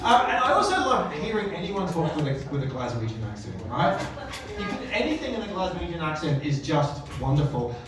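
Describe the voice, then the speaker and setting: A man's voice: on the high side, sing-song, fairly quick. A man hosting a live comedy show, chatty and rambling, heard from a distant mic in an echoey venue with a crowd. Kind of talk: live compering.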